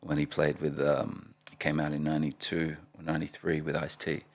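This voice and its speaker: Deep gravelly man telling stories. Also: brisk. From Australia (Perth). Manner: animated storyteller, laughs often. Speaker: guest, rapper. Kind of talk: casual interview storytelling.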